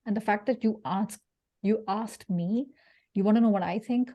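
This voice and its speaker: A woman giving an animated career-coaching talk to an audience, acting out quoted voices and laughing along the way. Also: mid-range voice, takes it slowly, pauses often.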